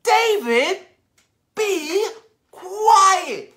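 An exasperated storybook mother shouts at her little boy, her voice pushed high and emphatic, as a woman reading aloud puts her on. The scolding comes in sharp, loud bursts. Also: very animated, extremely slow, exaggerated voice. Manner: yelling, emphatic.

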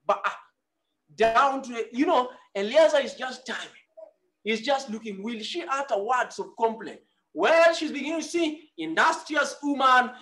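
Male preacher, very high-pitched, bright and forceful, quizzes the congregation as he goes. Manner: preaching with call-and-response questions. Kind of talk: sermon.

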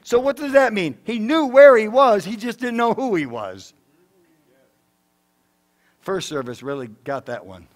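A man, a pastor, preaching a sermon in church, swinging between loud emphatic declarations and soft, low asides. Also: very animated, unhurried, pauses often. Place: church sanctuary.

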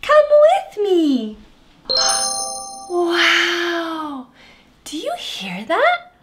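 A young adult woman teaching toddlers in an exaggerated sing-song way, with big gasps and drawn-out words. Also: extremely high pitch, huge pitch swings, fairly bright tone, a little hiss or hum. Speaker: children's speech educator.

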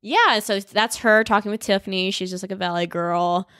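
A woman's voice: medium pitch, steady tone, moderate pace, a bit bright, smooth, no echo, studio quality. A young woman from California, a guest actor and comedian, chatting casually and rambling with lots of filler words. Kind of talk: casual interview chat.

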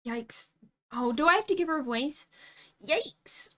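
A young woman streaming a game live, excitable and giggly, talking to herself as she plays. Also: high-pitched, moderate pace.

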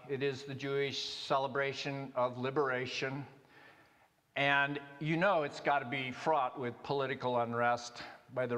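A male pastor preaching a sermon in a conversational, halting way, with many restarts and fillers. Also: medium pitch, fairly bright tone. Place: church sanctuary. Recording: long reverb of a church hall.

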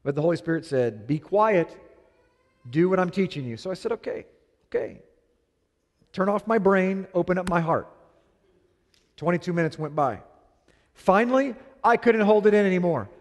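A middle-aged male pastor preaching a sermon, telling a story with animated delivery and acting out both sides of a quarrel. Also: sits high, normal speed, long pauses. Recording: long hall reverb.

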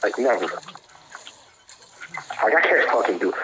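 A man's voice: lowish voice, animated, normal speed, background noise. A young man streaming a video game, swearing and ranting in frustration at his opponent. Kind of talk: live gameplay commentary.

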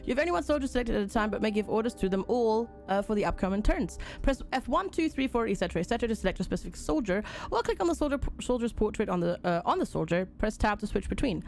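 A woman's voice: medium pitch, expressive, quick pace, vocal fry, hardly any pauses, faint music behind. A woman casually commenting on a game during a live stream, reading on-screen tutorial text aloud and chatting with and thanking viewers.

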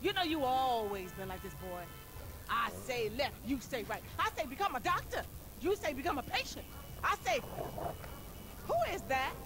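Brief: a nagging, sassy game aunt, high and bouncy. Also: female voice, big pitch swings, moderate pace, music in the background, low-quality recording. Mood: scolding. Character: scolding middle-aged woman, an aunt.

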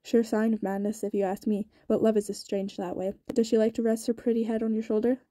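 A woman voicing a cold, menacing young male gang boss with a gravelly rasp, talking in a quiet, taunting, deliberate way. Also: sits high, little pitch movement, dry recording, close to an everyday voice.

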